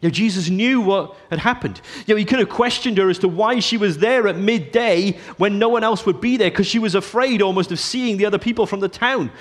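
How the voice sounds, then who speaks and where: A man preaching a sermon, earnest, often dropping to a soft hush on key phrases. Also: sits high, fairly quick, few pauses.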